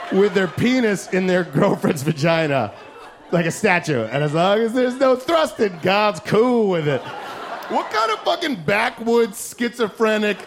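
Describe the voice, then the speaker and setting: A man doing a stand-up set, brash and profane, shouting his punchlines on a handheld stage mic. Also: high voice. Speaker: stand-up comedian. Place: comedy club stage. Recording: crowd laughter, noisy club. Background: laughing crowd.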